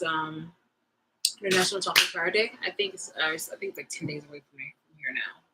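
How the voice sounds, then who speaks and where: A woman's voice: on the low side, brisk, bright, forceful tone, slight background noise, poor audio. A woman vlogger chatting casually to her viewers, rambling and frank, swearing freely.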